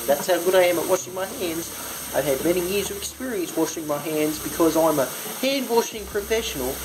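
A man's voice: a little high, background noise. A young man from Australia vlogging in a put-on American accent, rambling and joking at his own expense while cooking. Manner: rambling, jokey, self-mocking. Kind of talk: casual cooking vlog. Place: home kitchen. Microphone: handheld phone camera. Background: faint music and sizzling bacon.

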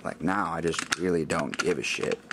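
A man with a fairly low voice talks through a homemade gadget build in casual vlog style, rambling and poking fun at himself as he works. Faint workshop clatter sits behind him. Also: moderate pace, noisy background. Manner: rambling, self-mocking, thinks aloud while working.

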